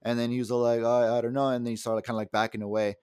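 A man's voice: mid-range voice, flat delivery, quick pace, darkish tone, clean tone, no room sound. Heated, profane young man, dry mic. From El Paso area, USA. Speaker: podcast co-host. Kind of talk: casual podcast chat.

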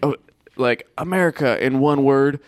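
A man's voice: mid-range voice, moderate pace, dry recording, clean studio sound. A young man in casual podcast banter, tossing in absurd jokes.

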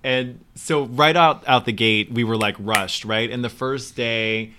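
A man chatting casually, telling an animated backstage story and acting out the quotes. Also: mid-range voice, measured pace, a little hiss or hum. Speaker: Broadway performer.

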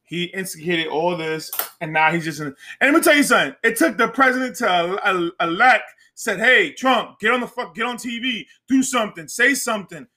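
High, bright-voiced ranting man. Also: lively intonation, a little fast, few pauses. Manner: heated, emphatic ranting with profanity. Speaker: podcast co-host. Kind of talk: casual chat.

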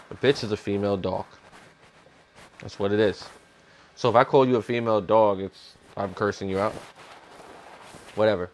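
Male commentator, mid-pitched, heated, blunt, swears nonstop in a profane rant. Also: a little hiss or hum.

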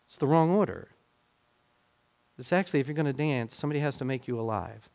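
Man preaching in a high, conversational voice. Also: animated, fairly quick, gravelly, long pauses. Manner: conversational, restarts often, swings between loud emphatic bursts and quiet asides. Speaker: pastor. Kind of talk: sermon.

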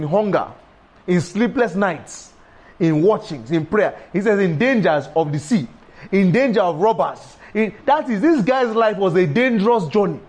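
A man preaching a sermon, emphatic and repetitive, breaking into sudden high exclamations. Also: darkish tone.

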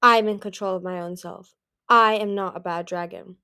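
A woman's voice: medium pitch, steady tone, normal speed, bright, forceful tone, smooth. Woman reading as a nervous young dragon. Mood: anxious. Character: nervous young male dragon, timid and anxious.

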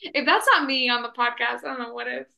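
A woman's voice: on the high side, steady tone, quick pace, creaky, pushed and bright. A woman co-hosting a podcast, chatting playfully and poking fun at herself. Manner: playful, self-mocking, laughing along. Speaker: podcast co-host. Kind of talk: casual podcast chat.

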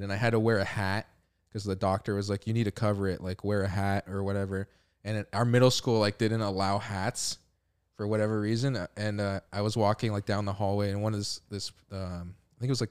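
A young man telling a long story in a casual podcast chat, relaxed, swearing and saying "like" often. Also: on the low side, clean tone. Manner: laid-back, swearing, heavy use of "like". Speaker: podcast co-host.

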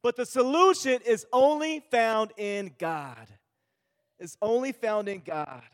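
A man's voice: high-pitched, lively intonation, takes it slowly, in a large hall. A male pastor giving an earnest sermon, repeating himself and restarting phrases as he speaks.

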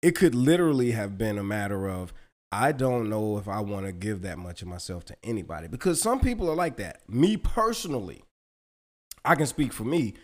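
A man's voice: lowish voice, brisk. A middle-aged man co-hosting a podcast, chatting casually and telling stories with frequent laughter and swearing. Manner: animated storyteller, laughs often, swears freely. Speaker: podcast co-host. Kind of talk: casual chat.

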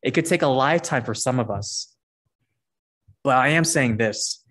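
A man's voice: medium pitch, moderate pace, fairly bright tone. A man preaching a sermon, earnest and conversational, reading scripture verses aloud between his points. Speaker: pastor.

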